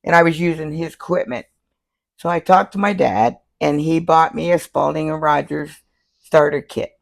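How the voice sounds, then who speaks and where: An older woman from Florida, a tattoo artist telling lively stories in an interview, laughing often and acting out the people she quotes. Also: low voice, normal speed, gravelly. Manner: animated, laughs often, acts out quoted voices. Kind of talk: casual storytelling interview.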